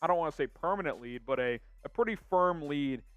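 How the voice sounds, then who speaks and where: Upbeat young male stream host, slightly high voice, smooth and clean, close dry mic. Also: animated, brisk, fairly bright tone, no room sound, lo-fi sound. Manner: upbeat, reads viewer comments aloud. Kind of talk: casual live-stream chat.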